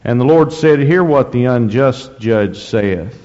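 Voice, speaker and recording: Male preacher reading scripture with deliberate, rising emphasis, captured on a dull, muffled recording. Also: medium pitch, expressive, a little mellow. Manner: slow, deliberate reading with rising emphasis and frequent throat clearing. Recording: dull lo-fi recording in a reverberant hall.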